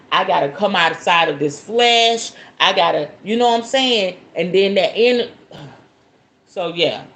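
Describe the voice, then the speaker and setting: This spiritualist host has a medium-pitched, fairly bright voice and a Southern American accent, being from the Southern United States. In a casual live talk she answers viewer questions, chatty and folksy, calling everyone "y'all" and "baby" and bursting into laughter.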